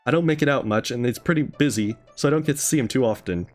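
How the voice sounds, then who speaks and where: Man voicing a chatty old hermit, rambling and friendly, plain everyday voice, middle pitch, faint game music behind. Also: expressive, a little fast, natural voice. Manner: read plainly in his own voice, no accent attempted.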